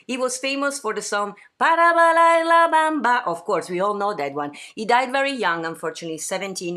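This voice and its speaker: Chatty Italian-accented woman host. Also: on the low side. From Italy. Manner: chatty, lively, with many fillers and restarts. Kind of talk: livestream chat. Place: her home.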